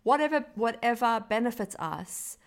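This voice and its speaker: Woman co-host, casual film chat, animated, swears a lot, stumbles and restarts. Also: on the high side, normal speed. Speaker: podcast co-host.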